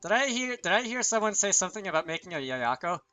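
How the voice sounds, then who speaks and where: A shrill, indignant schoolgirl who heads the student council, as a man puts her on while reading a visual novel aloud. She sits far above his own pitch and comes out loud and bright. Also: very animated, fast talker, faint music behind. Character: fussy young female student council head.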